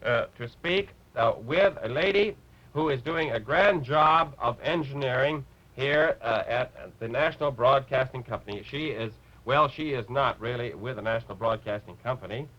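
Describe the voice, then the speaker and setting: A man voicing a bumbling male rabbit puppet who gives a lecture, halting and clearing his throat. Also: medium pitch, dull audio, natural voice. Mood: flustered. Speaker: puppet character on a TV show.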